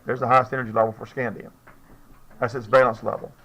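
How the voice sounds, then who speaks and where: A man's voice: medium pitch, flat delivery, fast talker, bright, forceful tone, rough recording. A man teaching a chemistry class, talking casually, joking and often checking in with his students. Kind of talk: classroom lecture.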